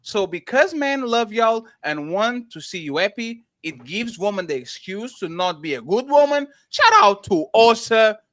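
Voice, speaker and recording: Guy hosting a panel stream, high bright voice bouncing all over, reads chat out loud dramatically, dry sound. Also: measured pace, hardly any pauses, dry recording. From Portugal. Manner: animated, laughing, exaggerated readings of comments. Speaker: panel show host. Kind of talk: casual chat, reading super chats.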